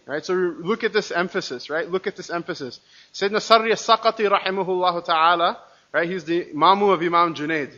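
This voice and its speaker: American guy giving a fast religious lecture, bright voice, kinda muffled recording. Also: fairly high pitch. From United States. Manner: fast, animated, many restarts and rhetorical "right?". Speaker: religious teacher.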